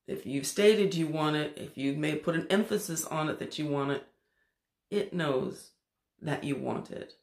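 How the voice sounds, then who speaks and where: A man hosts a spiritual teaching talk, with enthusiastic, preachy delivery. His voice sits fairly high with a gravelly edge. The room around him is echoey. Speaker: spiritual channel host.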